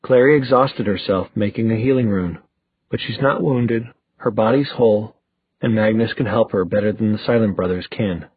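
A low, husky-voiced man doing a weary middle-aged man, firm and measured in every word. The line sounds tinny and phone-like, completely dry. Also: dry recording. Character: steady, tired middle-aged man, Luke.

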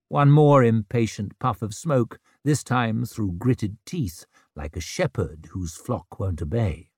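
A man narrating a novel in a measured, unhurried way. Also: medium pitch, expressive, creaky, darkish tone, dry recording, clean studio sound. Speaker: audiobook narrator. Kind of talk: scripted narration.

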